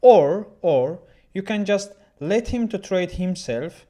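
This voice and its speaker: Halting male chess streamer. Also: high voice, lively intonation, dark tone. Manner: halting, with many restarts, chatting with viewers. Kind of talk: casual livestream chat.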